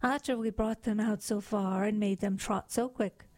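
Pompous teary old walrus, woman reading it out, a bit higher, mellow tone. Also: fairly even intonation, moderate pace, close to an everyday voice. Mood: beseeching. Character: pompous sentimental walrus, male, older. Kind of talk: poetry reading on radio.

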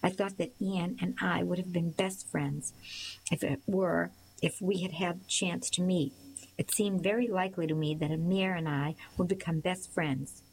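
A woman narrates a storybook in the first person, with a lowish voice and a steady, measured pace. Faint hiss sits under the recording. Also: low-quality recording. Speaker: audiobook reader.

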